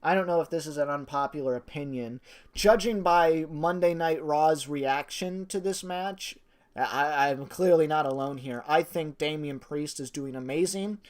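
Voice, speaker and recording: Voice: medium pitch, darkish tone. A wrestling reviewer talking in a casual spoken review, gushing and rambling with many fillers and restarts, and swearing casually.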